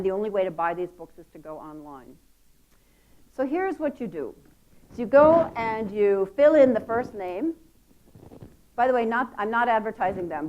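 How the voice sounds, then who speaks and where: A woman's voice: a little high, darkish tone, muffled recording. A woman giving a conference talk, telling a story with playful asides and laughter. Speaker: conference speaker. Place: conference hall.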